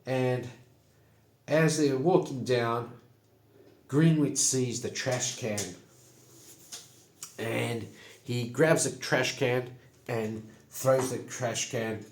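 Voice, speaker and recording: A man narrating a solo tabletop game in an unhurried, matter-of-fact way. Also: mid-range voice, fairly even intonation. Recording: echoey room.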